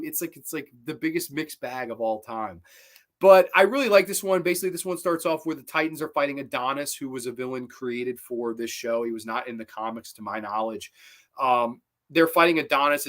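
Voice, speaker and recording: A man's voice: medium pitch, a bit bright. A man hosting a show, reviewing cartoon episodes in a rambling, casual way, with profanity and frequent self-corrections. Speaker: show host.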